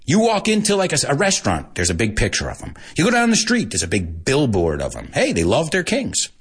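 A man's voice: medium pitch, wildly swooping pitch, brisk, breathy edge. An American man giving a casual, jokey lesson, chatting and laughing often at his own asides. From United States. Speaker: English teacher. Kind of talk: casual teaching monologue.

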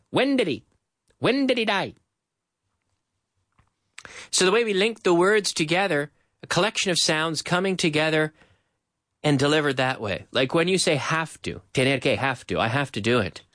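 A man runs a live-streamed English lesson, drilling each phrase over and over and slipping between English and Spanish. His voice sits a bit high and swings widely in pitch. The sound is dry and close. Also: fairly bright tone, dry recording. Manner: drills phrases by repeating them slowly. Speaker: English teacher.

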